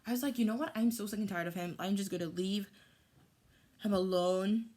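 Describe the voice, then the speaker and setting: A woman's voice: mid-range voice, brisk. Heated woman telling a story. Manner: animated, heated retelling with lots of "like". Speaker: vlogger. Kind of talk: storytime vlog.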